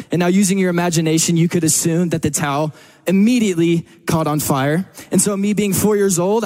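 A man's voice: on the high side, darkish tone. Upbeat man preaching. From Texas. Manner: casual, joking storyteller. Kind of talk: sermon. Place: church service.

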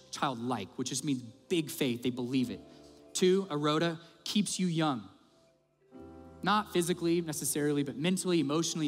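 A man preaching a sermon as the pastor, telling stories in an animated, conversational way in a church auditorium. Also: a little high. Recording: long hall reverb with faint music.

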